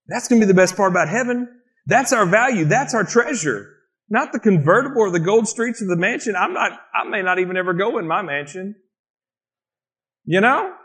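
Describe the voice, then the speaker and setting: A male preacher delivers a sermon in a church, his voice sitting a little higher than most men's. He talks in a lively, animated way and often acts out excited exclamations. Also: fairly quick. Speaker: pastor.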